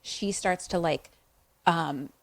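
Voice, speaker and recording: A young woman casually recapping a horror movie for a podcast, animated and profane, acting out lines from the film. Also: fairly low pitch, takes it slowly, creaky, no room sound. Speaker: podcast co-host.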